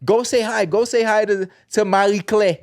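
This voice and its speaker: A man's voice: high-pitched, fairly even intonation, normal speed, pitched above the performer's own voice. A man voicing a boastful Haitian parent who pushes a child to greet the guests, with a Haitian accent. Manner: loud, pushy, boastful.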